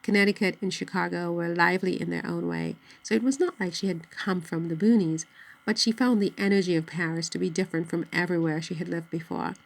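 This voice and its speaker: A woman narrating a novel in a steady, measured audiobook reading. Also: on the low side, vocal fry, low-quality recording.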